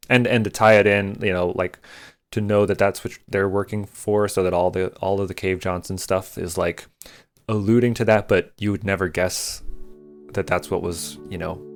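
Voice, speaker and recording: A man on a casual podcast, talking haltingly with lots of fillers. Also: sits low. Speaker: podcast guest.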